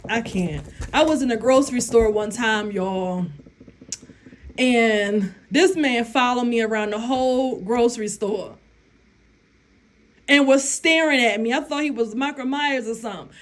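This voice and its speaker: A woman's voice: on the high side, a little hiss or hum. A young adult woman chatting casually on her vlog, blunt and profane, laughing often as she answers questions. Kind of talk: casual chat.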